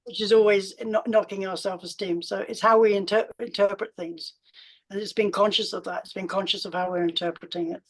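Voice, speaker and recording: Woman coach explaining things calm and measured on a panel, medium pitch. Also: low-quality recording. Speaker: mental health coach.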